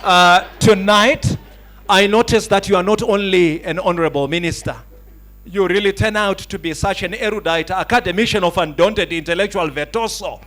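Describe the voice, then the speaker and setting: Guy mc'ing an awards dinner, pretty high voice, loves fancy long words, tells jokes into a mic. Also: moderate pace, a bit bright. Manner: grandiloquent, ornate vocabulary, storytelling. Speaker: master of ceremonies. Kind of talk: humorous speech at an awards night. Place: banquet hall at an awards night.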